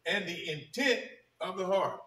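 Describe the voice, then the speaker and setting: Emphatic preacher man, bright and echoey. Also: sits high, lively intonation. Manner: emphatic, repeats key phrases, slows down on scripture. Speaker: pastor. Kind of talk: sermon. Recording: echoey room, mic at a distance.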